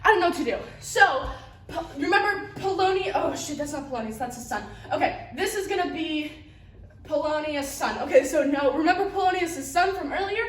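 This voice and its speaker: A woman's voice: high voice, lively intonation, moderate pace. A woman giving a casual, rambling class presentation, full of fillers and giggles, recorded in a classroom. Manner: rambling, filler-heavy, giggly, breaks into silly voices. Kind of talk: casual, rambling plot summary. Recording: roomy, from a distance.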